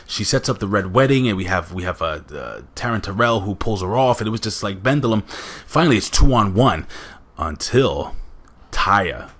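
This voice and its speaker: Guy with a really low voice going over a wrestling show, rambly, lots of uh and um, talking to the viewers. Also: animated, normal speed, a bit bright. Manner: rambling, with many fillers and asides to viewers. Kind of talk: casual spoken recap.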